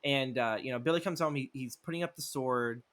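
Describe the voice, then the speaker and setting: A male podcast co-host in loose, profane chat, his voice sitting at an ordinary middle pitch. He rambles through a story and keeps slipping into quick acted-out lines for the people in it. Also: fairly bright tone. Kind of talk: casual movie-script recap chat.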